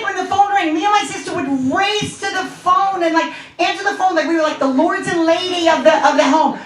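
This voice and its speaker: A woman's voice: extremely high pitch, fairly quick, few pauses. A woman in her fifties from Long Island doing a stand-up comedy set, brash and profane, telling stories in a conversational way. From Long Island, New York. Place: comedy club stage. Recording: echoey club from a distant mic.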